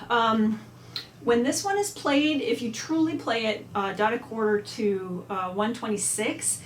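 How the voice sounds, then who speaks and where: Her voice sits on the high side as this music teacher walks through an instrument lesson in a chatty way, occasionally singing phrases out on syllables. The recording has an echoey room sound, faint ambience, and slight hiss or hum.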